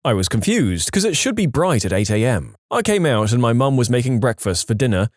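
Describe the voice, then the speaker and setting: A man reading online stories aloud as the narrator, lively and animated. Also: mid-range voice, brisk, no room sound, studio quality. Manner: animated reading, acting out quoted lines in raised voices. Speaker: story narrator.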